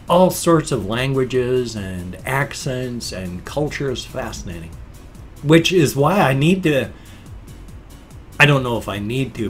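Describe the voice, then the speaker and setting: Man, 50s, vlogger; meandering, self-interrupting chat, average pitch, faint music under him. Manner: chatty, self-interrupting, musing. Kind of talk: casual rambling vlog.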